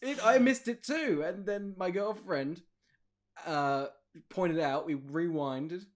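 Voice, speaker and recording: A man's voice: high-pitched, takes it slowly. A man co-hosting a comedy podcast, rambling playfully through a film plot and laughing often. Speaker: podcast co-host. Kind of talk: casual comedic film recap.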